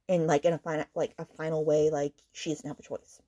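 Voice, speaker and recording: A woman hosting a book podcast recounts a plot in a heated, exasperated, casual rant, swearing and filling her speech with "like" and "okay." Her low, mellow voice moves briskly with little pitch movement.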